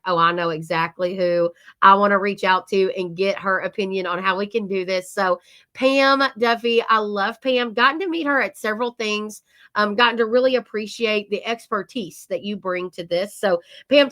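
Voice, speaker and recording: A woman's voice: mid-range voice, bright, forceful tone. A middle-aged woman hosting a webinar conversation in an upbeat, enthusiastic way. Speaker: webinar host.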